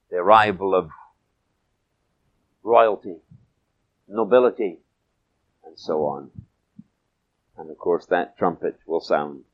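Dramatic male preacher with a lively voice. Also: poor audio. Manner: dramatic swings between loud emphatic peaks and soft low asides; slows and stretches key phrases. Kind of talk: sermon.

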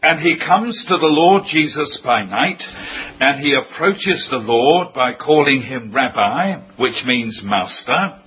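A man preaching a sermon, emphatic and declaiming key phrases loudly. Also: medium pitch, animated, slow. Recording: dull lo-fi sound with faint noise.

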